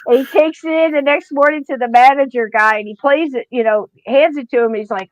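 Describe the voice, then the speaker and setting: A woman's voice: high voice, fairly quick, few pauses, no room sound, highs cut off. A woman hosting a podcast, chatting casually and acting out quotes as she tells stories. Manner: animated storyteller acting out quotes. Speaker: podcast host. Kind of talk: casual chat.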